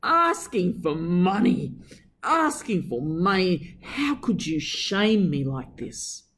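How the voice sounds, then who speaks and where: A woman voicing a stern mother of a small girl who is obsessed with shame, scolding her slowly and in anguish. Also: sits low, animated, slight background noise.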